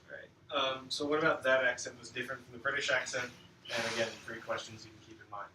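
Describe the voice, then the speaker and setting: Fast-talking male teacher. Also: medium pitch, fairly even intonation. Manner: prompting, encouraging questions. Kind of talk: classroom discussion. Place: classroom. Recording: roomy, distant, noisy classroom recording.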